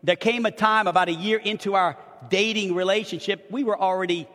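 A man's voice: high voice, fairly even intonation, a little fast, a bit bright, long reverb tail. A middle-aged man preaching as a pastor, telling a story animatedly and often restarting and repeating his words. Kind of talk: storytelling sermon. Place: church sanctuary.

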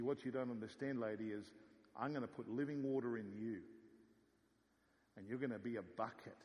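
A man in a sermon playing Jesus as a calm, gentle, teasing figure, speaking slowly and softly. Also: long reverb tail, natural voice. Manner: slow, low and hushed.

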